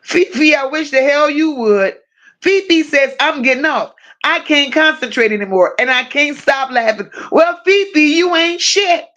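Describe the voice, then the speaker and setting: A woman hosting a casual true-crime livestream, reading viewer comments aloud and answering them with blunt, profane, animated banter. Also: sits high, normal speed. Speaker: livestream host reading chat.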